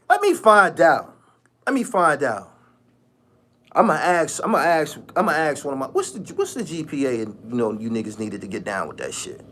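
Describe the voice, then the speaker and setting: A man's voice: medium pitch, big pitch swings, normal speed. A man hosting his own channel, ranting casually in a mocking tone, repeating phrases and laughing often. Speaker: channel host. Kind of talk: casual vlog rant.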